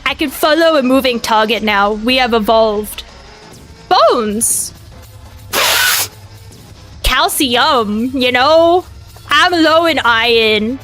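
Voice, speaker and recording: High, bright-voiced frantic woman streamer. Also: animated, takes it slowly, pauses often, faint music behind. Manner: frantic, swearing, talks herself through the game. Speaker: VTuber streamer. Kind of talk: live gameplay commentary.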